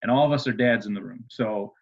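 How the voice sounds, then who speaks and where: A man's voice: on the low side, fast talker. A man interviewing as a club coach, asking questions hesitantly with many fillers. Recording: dull lo-fi audio.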